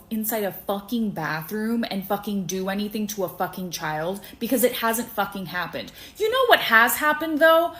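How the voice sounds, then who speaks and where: Sassy profane woman, slightly high voice, roomy echo. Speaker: social media commenter. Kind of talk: sassy rant.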